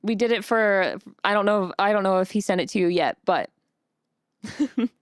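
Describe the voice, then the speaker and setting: A woman's voice: medium pitch, moderate pace, no echo, studio quality. A woman streaming live, chatting casually and bubbly, greeting her chat by name with a giggly manner. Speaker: vtuber streamer.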